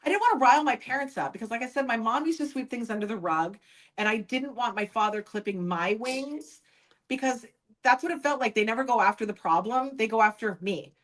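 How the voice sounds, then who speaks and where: A woman's voice: fairly high pitch, animated, a little fast, a bit bright, rough recording. A woman guest on a podcast, speaking candidly about her past and acting out other people's lines when she quotes them. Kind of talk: personal storytelling in an interview.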